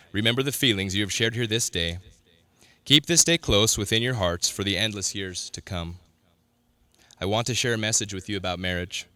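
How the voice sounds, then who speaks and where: A man officiating a wedding in a measured, formal and solemn way. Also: fairly low pitch, sharp tone, no room sound. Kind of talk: ceremonial officiating.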